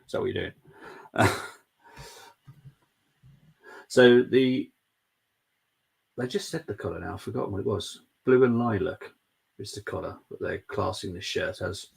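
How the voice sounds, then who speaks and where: A young man with a low, gravelly, husky voice, chatting loosely through a live football watchalong. He reads out viewer messages and laughs often as he goes. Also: moderate pace, long pauses. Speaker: watchalong stream host.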